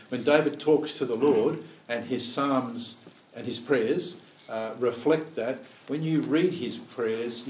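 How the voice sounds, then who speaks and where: A man's voice: mid-range voice, a little hiss or hum. Man teaching a Bible study in a roomy hall. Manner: thinks aloud, poses rhetorical questions, acts out quoted prayers. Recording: roomy, distant mic, faint room ambience.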